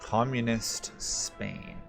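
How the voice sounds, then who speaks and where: A man streaming a strategy game, thinking aloud in a relaxed, rambling way and answering chat questions. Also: mid-range voice, drawn-out words, vocal fry, soft background music. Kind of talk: casual gameplay commentary.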